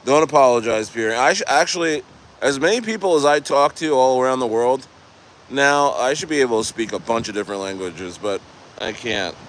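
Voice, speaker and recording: This man chats loosely with his live stream audience from outdoors near the coast, reading comments aloud, laughing often and trailing off mid-sentence. His voice is medium-pitched, fairly quick and a bit bright, with a little hiss or hum.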